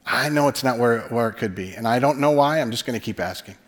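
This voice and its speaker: A male pastor preaching a sermon in conversational storytelling style, often dropping to a hushed voice for emphasis. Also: medium pitch, fast talker. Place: church sanctuary. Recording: long hall reverb.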